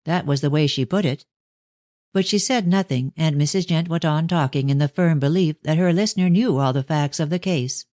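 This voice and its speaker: A woman narrating a classic mystery novel in a measured, even storytelling manner. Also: deep voice, dry recording, studio quality. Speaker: audiobook narrator.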